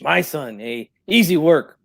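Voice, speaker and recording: A man's voice: on the high side, expressive, unhurried, creaky, heavily acted. A man doing a comic impression of a tipsy, proud older boxing father who tags nearly every phrase with "eh?" and drops Spanish slang. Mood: boastful. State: drinking, tipsy.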